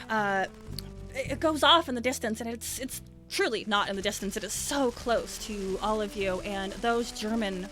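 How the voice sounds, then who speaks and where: A woman running a tabletop role-playing game as game master, calmly narrating the scene and asking players what they do. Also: medium pitch.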